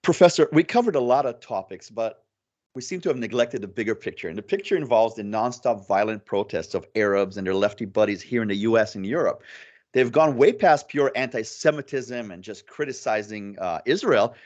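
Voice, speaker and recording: A man's voice: fairly low pitch, expressive, a little fast, darkish tone, lo-fi sound. A man hosting an interview, asking long leading questions and chiming in with brief agreement. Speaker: podcast host.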